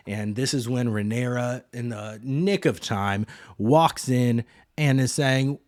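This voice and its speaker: A man's voice: medium pitch, steady tone, a little slow, no room sound, studio quality. A man hosting a podcast, recapping an episode in a casual, rambling way with many fillers. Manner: rambling, heavy on fillers and hedges. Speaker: podcast host.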